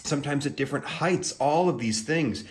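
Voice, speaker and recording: A man's voice: on the high side, normal speed. A man hosting a casual tarot video, explaining things in a playful, chatty way with plenty of asides and fillers.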